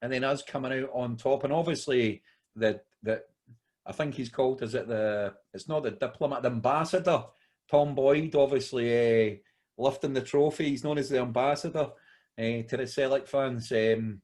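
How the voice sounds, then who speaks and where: A man's voice: mid-range voice, normal speed, darkish tone. A Scottish man co-hosting a podcast, rambling through a long story in casual chat and calling his friend mate. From Scotland. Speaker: podcast co-host.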